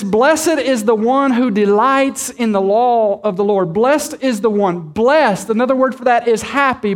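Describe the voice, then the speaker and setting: High-voiced male pastor preaching. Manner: emphatic preaching, repeats and stretches key words; addresses the congregation directly with questions. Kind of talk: sermon.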